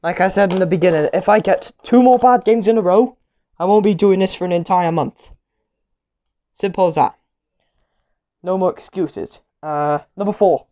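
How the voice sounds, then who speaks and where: A woman giving casual commentary while she plays a game show video game, reacting loudly to each result and getting easily annoyed. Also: lowish voice, moderate pace, long pauses.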